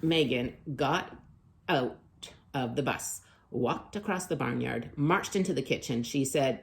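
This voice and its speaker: A woman with a very deep, creaky voice leads children's storytime, reading a picture book a little slowly. The reading is expressive, full of loud calls and whispered asides.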